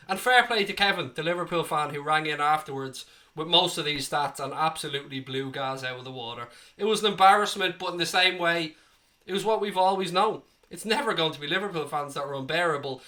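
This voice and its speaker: Fan-channel host, male, bright edgy voice, higher side, heated and sweary, slight cough. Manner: passionate, ranting, swears freely. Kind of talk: live stream chat, reading viewer comments.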